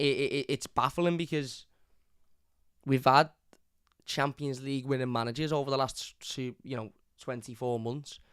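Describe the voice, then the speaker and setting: A frustrated young man hosts a live fan review of his football team and rants about their play. He repeats himself, stumbles over words and swears freely. His voice is smooth and clear, recorded close and dry with no room sound. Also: mid-range voice, dry recording. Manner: frustrated, repetitive, swears often. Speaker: football fan channel host. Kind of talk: live match review rant.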